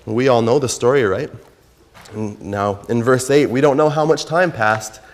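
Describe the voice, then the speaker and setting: Male children's teacher, mid-pitched, chatty, asks kids questions, slow scripture reading, long hall reverb. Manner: conversational, asks the children questions, reads verses slowly. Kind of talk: Bible lesson for children. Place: church.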